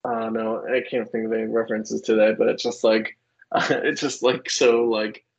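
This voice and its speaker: A man's voice: on the low side, level tone, moderate pace, creaky, breathy edge, dull audio. A man co-hosting a casual podcast chat, laughing often and full of fillers as he acts out quotes. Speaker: podcast co-host. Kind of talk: casual chat about comics.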